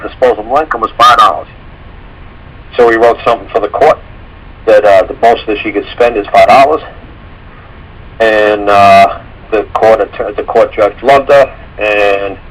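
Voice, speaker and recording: On a call-in radio show, a man with a fairly low voice talks casually, rambling through stories, acting out quotes, and swearing freely. Background noise can be heard.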